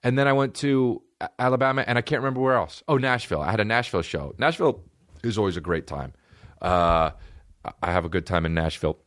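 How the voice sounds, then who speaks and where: A man's voice: fairly low pitch, quick pace, a bit bright, no echo. A man hosting a podcast, delivering a rambling, profane, jokey comedic monologue in a studio. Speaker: podcast host.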